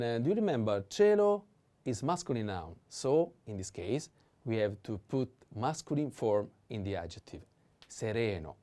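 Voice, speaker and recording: A man with an Italian accent, teaching vocabulary at a very unhurried pace. His tone is dark and mellow, and he says each word three times with gentle hesitations in between. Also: mid-range voice. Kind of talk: slow vocabulary lesson.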